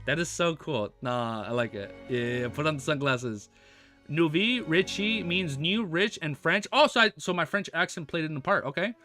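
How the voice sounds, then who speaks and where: A streaming American man with a bright, forceful, slightly high voice reads a novel aloud. Between passages he chats in a laid-back, slangy, excitable way. Faint music plays underneath. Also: moderate pace. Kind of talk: reading a novel aloud on a livestream, casual chat.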